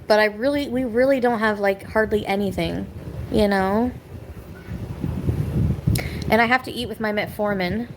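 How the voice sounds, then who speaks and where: A woman's voice: medium pitch, moderate pace, pauses often, noisy background. A woman venting on a live stream from her home, rambling and bitter, snapping back at people in the chat. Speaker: livestreamer. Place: home kitchen.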